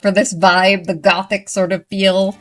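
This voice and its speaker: Woman, movie reaction host, casual, gushing, excitable, mid-pitched voice, faint film music behind. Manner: excitable, gushing, quick to apologize. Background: movie audio playing.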